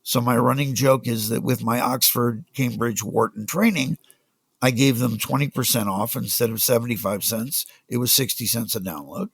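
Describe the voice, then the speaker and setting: An older man, a music business guest on a podcast, telling animated stories and acting out the people he quotes. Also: mid-range voice, gravelly, husky, no echo. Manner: animated anecdotes, acts out quoted voices. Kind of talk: storytelling in a casual interview.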